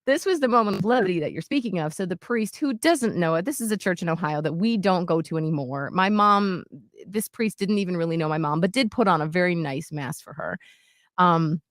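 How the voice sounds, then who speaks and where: This co-host, a woman with a voice on the low side, shares a personal anecdote at a moderate pace during a casual show chat. She acts out quotes with lively changes in loudness, recorded at studio quality with no room sound.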